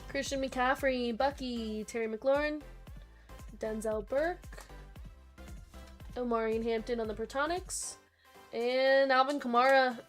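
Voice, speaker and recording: High-voiced woman hosting a card break. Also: steady tone. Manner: rapid listing of names, chatty asides to viewers. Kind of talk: live-stream card break commentary. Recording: faint background music.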